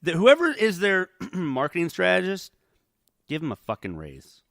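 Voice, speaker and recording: A man's voice: high voice, wildly swooping pitch, moderate pace, vocal fry, a bit bright, no room sound, studio quality. A man co-hosting a casual podcast chat, talking in a profane, joking way while a bit tipsy. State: tipsy from drinking. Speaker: podcast co-host.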